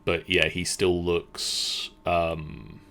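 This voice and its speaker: Man game master, very low voice, slow, hesitant narration. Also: completely flat delivery, sharp tone. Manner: slow, hesitant, many ums.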